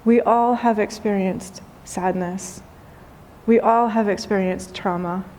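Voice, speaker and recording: A woman, a spiritual teacher, giving a gentle, unhurried talk with storytelling and soft emphasis. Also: medium pitch, fairly even intonation. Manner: gentle, unhurried, softly emphatic, with light laughs. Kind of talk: spoken dharma talk with storytelling.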